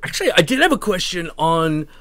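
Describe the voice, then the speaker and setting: A male show host asking questions in casual interview chat, slow and hesitant. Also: fairly high pitch, big pitch swings, bright, forceful tone, no echo.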